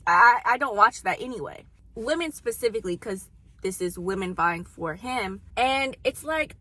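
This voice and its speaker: A woman book vlogger talks through her reading in a loose, expressive ramble. Her voice is bright and slightly high. The phone recording is dry and close. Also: normal speed, no room sound. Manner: chatty and expressive, rambling asides. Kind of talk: casual reading vlog chat.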